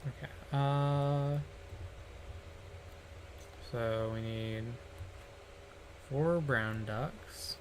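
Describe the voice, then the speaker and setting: Slow-talking, playful male streamer. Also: mid-range voice, slight background noise. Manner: rambling, playful, hums and makes silly noises while working. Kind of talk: casual solo stream chatter.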